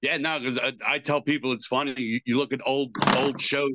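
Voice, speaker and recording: A man's voice: mid-range voice, steady tone, a little fast, very noisy. A man co-hosting a podcast, chatting enthusiastically and swearing casually. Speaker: podcast co-host.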